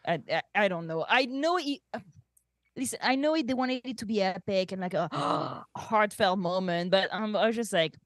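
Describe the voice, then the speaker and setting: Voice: medium pitch, expressive, normal speed, a bit bright, no echo, studio quality. Sarcastic, joking podcast co-host. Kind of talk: casual review chat.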